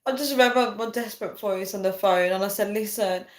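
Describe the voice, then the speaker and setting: Chatting casually with her viewers, a young vlogger tells a story and reads from the live chat, often throwing in "right?" and "guys" and laughing. She speaks at medium pitch and a quick pace.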